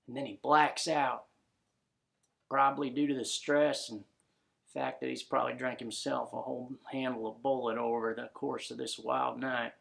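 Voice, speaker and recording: A man's voice: mid-range voice, flat delivery, normal speed, vocal fry, fairly bright tone. A man narrating a comic story in a laid-back drawl full of folksy slang.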